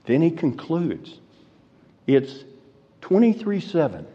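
A man preaching an expository sermon, slow and deliberate, rising to fervent emphasis. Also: a little high, very animated. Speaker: pastor. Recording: reverberant hall, dull lo-fi sound.

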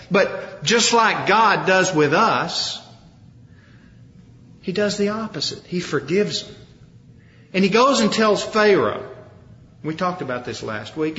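A man preaching a sermon, retelling a story with lively acted-out quotes. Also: high-pitched, measured pace. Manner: animated storytelling, acting out quoted lines. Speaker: pastor. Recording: roomy hall, dull lo-fi sound.

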